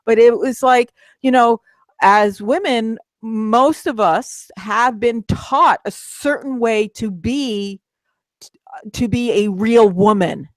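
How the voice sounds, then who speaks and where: A woman's voice: fairly high pitch, takes it slowly, no echo. A middle-aged woman co-hosting a casual talk, chatty, with many restarts and fillers. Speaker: co-host, midlife coach. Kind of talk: casual chat.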